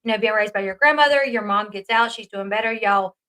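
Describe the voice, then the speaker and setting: A woman's voice: medium pitch, a little fast, bright, forceful tone, clear, resonant tone, poor audio. A woman from the South, hosting a casual commentary video, chatty and emphatic, swearing freely. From American South. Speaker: commentary channel host.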